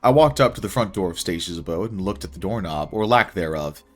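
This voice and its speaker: A man's voice: low voice, expressive, fast, soft background music. A young man reading his own first-person story aloud in a wry, casual way.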